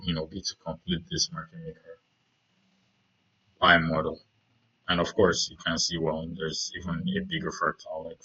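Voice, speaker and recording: A man's voice: low voice, bright, forceful tone, slightly rough, muffled recording. A man casually talking through trading charts, rambling with many fillers and "right?" checks. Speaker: trading video host.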